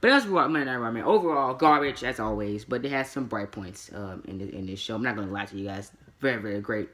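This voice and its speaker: A man's voice: medium pitch, lively intonation, fast talker, a bit bright. Rambling, opinionated male wrestling reviewer. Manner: rambling and opinionated, repeats words, chuckles often. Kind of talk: casual solo review vlog.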